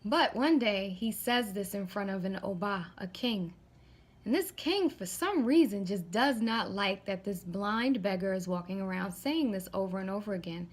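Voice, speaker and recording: A woman's voice: mid-range voice, lively intonation, normal speed. A woman vlogging, retelling a spiritual story in a casual, conversational way, often checking in with the viewer.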